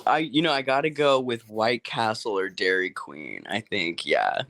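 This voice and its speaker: A man's voice: on the low side, animated, moderate pace, creaky, fairly bright tone. A man chatting as an interview guest, playful and laughing often. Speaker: interview guest, game cast member. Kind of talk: casual video interview.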